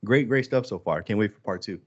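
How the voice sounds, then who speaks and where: Animated man, casual podcast chat. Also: fairly quick, lo-fi sound. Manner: animated, jumps high to act out quoted lines. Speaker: podcast co-host.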